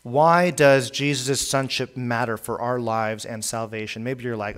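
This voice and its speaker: A man's voice: medium pitch, steady tone, unhurried, hardly any pauses, a bit bright. A man preaching a sermon, emphatic and given to repeating key lines for weight, with the occasional stumble over his words. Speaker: pastor.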